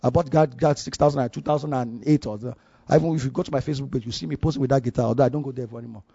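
A man's voice: mid-range voice, steady tone, racing, gravelly, mellow, breathy edge, no room sound, highs cut off. A man with a Nigerian accent preaching a sermon, telling a personal story with many repeats and restarts for emphasis.

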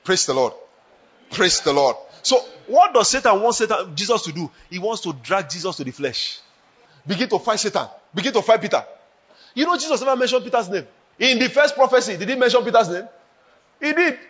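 A man with a Nigerian accent preaching a sermon as pastor, swinging between hushed lines and shouted ones. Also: high-pitched, sing-song, a little fast, husky, muffled recording.

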